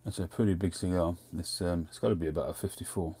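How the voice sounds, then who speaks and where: Deep-voiced, husky rambling male host. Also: steady tone, fast, mellow. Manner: rambling, chatty, drifting off topic. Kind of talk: casual livestream chat.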